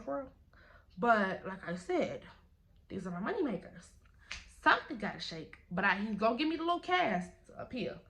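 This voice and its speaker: Animated young woman telling a storytime. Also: mid-range voice, vocal fry. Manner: animated, slangy storytelling with acted quotes. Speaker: vlogger. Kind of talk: casual storytime.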